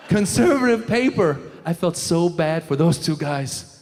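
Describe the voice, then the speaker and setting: Animated stand-up comic man. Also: high voice, moderate pace. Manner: animated, jumps into shouted impressions. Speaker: stand-up comedian. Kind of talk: stand-up comedy set. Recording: live show in a large hall.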